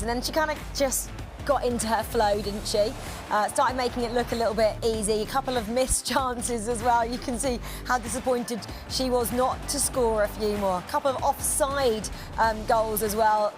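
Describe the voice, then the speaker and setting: A woman giving relaxed, conversational studio analysis. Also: on the high side. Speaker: pundit.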